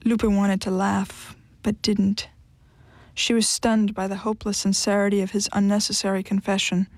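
A woman giving an audiobook narration in an even, measured storytelling manner. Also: mid-range voice, no echo.

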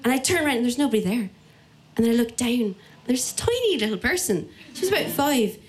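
Animated Irish woman telling a story. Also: fairly high pitch, brisk. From Ireland. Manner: animated, comic, acts out voices in quotes. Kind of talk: live personal storytelling.

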